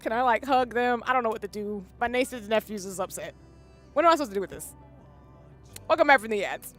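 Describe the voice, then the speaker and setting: A woman's voice: fairly high pitch, animated, quick pace, fairly bright tone, soft background music. A woman in her thirties streaming a game live, tearful, emotional and goofy as she talks through it. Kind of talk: live gameplay commentary.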